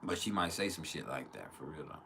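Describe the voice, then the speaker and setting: A man's voice: extremely low pitch, big pitch swings, fairly quick, creaky, sharp tone, slight background noise. A man giving a casual astrology talk, profane and joking, who laughs often and acts out quotes in other voices. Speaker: astrology teacher.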